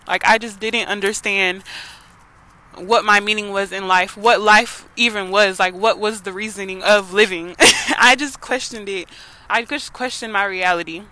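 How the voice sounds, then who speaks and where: A woman's voice: medium pitch, fairly even intonation, moderate pace, pushed and bright, rough recording. A young woman hosting a podcast, telling a personal story in an earnest, emotional way, often saying "like" and "y'all". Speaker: podcast host.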